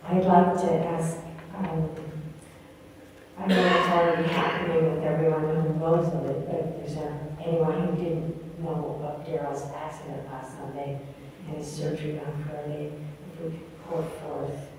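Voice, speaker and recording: A man in a congregation asking for healing prayers for a friend, earnest and gentle. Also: fairly high pitch, noisy background. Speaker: congregant sharing a prayer request. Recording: echoey hall, voice from a distance.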